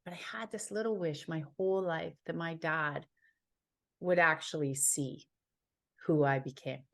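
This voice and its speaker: A woman's voice: low-pitched, fairly even intonation, measured pace, vocal fry, a bit bright. A woman from Ontario, Canada, a healer and psychic, telling a personal story as an interview guest in an earnest, heartfelt way, repeating phrases for emphasis.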